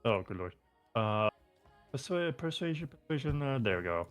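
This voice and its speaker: A man's voice: medium pitch, big pitch swings, normal speed, clear, resonant tone, soft background music. A man playing a tabletop game, talking in a laid-back, mumbling way. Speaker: player. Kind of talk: casual game chat.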